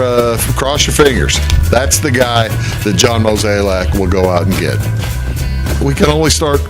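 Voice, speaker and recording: A man hosting a casual sports talk show, chatting to camera with lots of fillers and big swoops in pitch. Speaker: show host.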